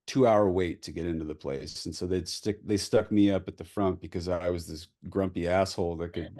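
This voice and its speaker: A man tells a candid story as a filmmaker guest at a Q&A. He swears freely and keeps the telling lively and animated. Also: low voice, brisk. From US Pacific Northwest. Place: post-screening Q&A.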